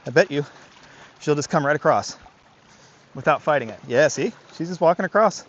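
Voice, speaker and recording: A man's voice: on the high side, expressive, normal speed, pauses often, a bit bright, lo-fi sound. A man working as a dog trainer, explaining his methods in casual commentary outdoors by a creek, often asking rhetorical questions and adding "right?".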